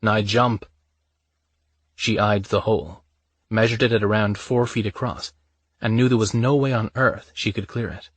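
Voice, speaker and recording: Male romance-audiobook narrator, low and measured, in a dry, close recording. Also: steady tone, no echo.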